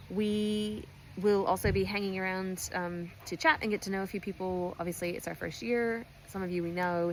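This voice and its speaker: A woman's voice: on the low side, slight background noise, poor audio. A woman, a race organiser giving a chatty, playful briefing, recorded at a distillery pizzeria. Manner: chatty, playful, self-mocking. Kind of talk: casual race briefing video.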